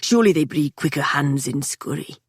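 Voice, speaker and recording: Woman reader doing brooding young man, low murmur, dry close mic. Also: animated, brisk, slightly rough, no room sound, exaggerated voice. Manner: low, hushed, half-whispered. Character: brooding gruff young man, wry and menacing.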